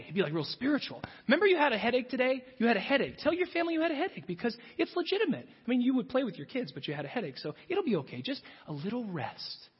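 A man voicing temptation as a seductive female figure who coaxes softly. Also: very high-pitched, breathy edge, pitched above the performer's own voice, exaggerated voice. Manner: coaxing, soft, wheedling. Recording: dull recording in a big reverberant hall.

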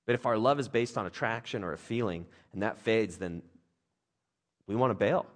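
A man's voice: fairly low pitch, normal speed. A man, a father of young kids, preaching a conversational sermon with jokes and playful put-on voices. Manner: animated, conversational, jokey, with playful voices for others. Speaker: pastor.

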